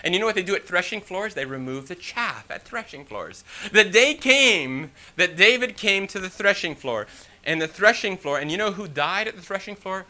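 A man's voice: high voice, animated, normal speed, few pauses, pushed and bright. A man preaching a sermon, reading scripture and then explaining it with rhetorical questions and folksy "you know" asides.

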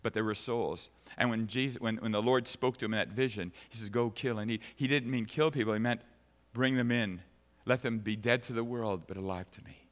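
A man's voice: mid-range voice, brisk. A man preaching a sermon and reading scripture aloud, an emphatic speaker who repeats phrases for stress, heard in a church sanctuary. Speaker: pastor. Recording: long reverb of a large hall.

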